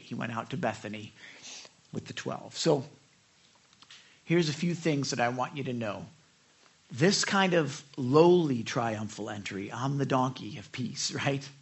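A middle-aged man preaching a conversational sermon, reading scripture and rising into sudden loud, high bursts for emphasis. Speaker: pastor.

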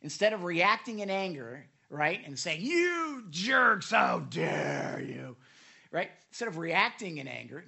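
A middle-aged male pastor preaches with lively energy, slipping into little acted scenes of the people he talks about. His voice sits a touch high for a man and rings bright and forceful. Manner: animated, acts out quoted people. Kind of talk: sermon.

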